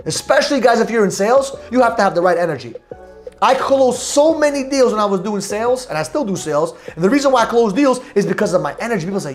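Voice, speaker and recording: A man hosting a motivational podcast, talking in a loud, emphatic, preachy way about energy and confidence. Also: sits high, expressive, fast, soft background music. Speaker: podcast host.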